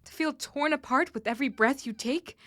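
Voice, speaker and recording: A woman's voice: sits high, fairly quick, pushed and bright, dry recording. A woman performing a young woman harassed at work after speaking up, in an intense spoken-word delivery. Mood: anguished.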